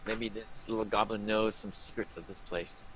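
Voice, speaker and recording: A man playing a tabletop game, making brisk jokes. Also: fairly low pitch, fairly even intonation, a bit bright, slightly rough, low-quality recording. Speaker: player. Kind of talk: casual play chat.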